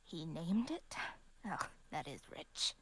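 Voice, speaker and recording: A sly, knowing stranger murmurs in a whispered role-play, put on by a woman. The hushed voice swoops up and down with mocking amusement and ends in dark warnings. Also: sits low, big pitch swings, moderate pace.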